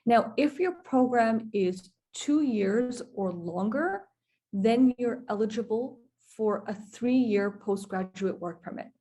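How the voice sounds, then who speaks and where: A woman's voice: a little high, slow pace, dark tone. A woman presenting a webinar for students, explaining rules step by step and often checking in with "okay?" and "right?". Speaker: immigration lawyer presenter. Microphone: webinar computer mic.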